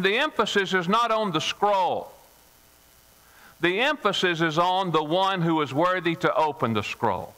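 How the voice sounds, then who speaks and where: Man, pastor, church sermon, bright tense voice, slightly high, emphatic repeated phrases. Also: low-quality recording. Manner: emphatic, repetitive preaching with restarts. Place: church sanctuary.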